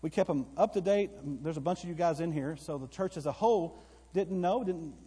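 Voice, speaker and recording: A man preaching a sermon to his church, telling a story that rises into excited bursts. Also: fairly high pitch, a little fast, slightly rough. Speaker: pastor. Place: church sanctuary. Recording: long reverb of a church hall.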